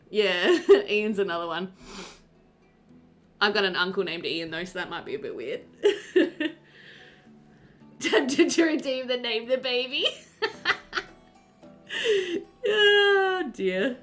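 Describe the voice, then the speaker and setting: A woman's voice: fairly high pitch, a bit bright. A young woman streamer chatting casually with her viewers, reading their messages aloud and laughing often. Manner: giggly, chatty, reads chat aloud. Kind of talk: casual chat with live chat.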